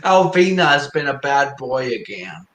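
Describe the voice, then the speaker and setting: Man, stream host, bright tone, playful chatter with plenty of laughs, roomy echo. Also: mid-range voice, big pitch swings, moderate pace. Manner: laughing, joking, reads chat aloud. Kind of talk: casual chat. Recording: echoey room with faint ambient noise.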